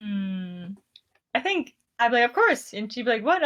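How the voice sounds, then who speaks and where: A woman co-hosting a podcast in a loose, casual chat. She is animated and giggly, often acting out quoted exchanges in playful voices. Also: on the high side, moderate pace, over a noisy crowd. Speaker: podcast co-host. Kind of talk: casual chat reviewing a show.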